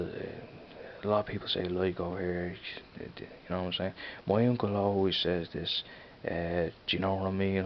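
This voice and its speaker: This Irish vlogger has a low voice and a Dublin accent, chatting casually at home for an accent tag video. He rambles and keeps saying "you know what I mean," and the audio is dull with slight background noise.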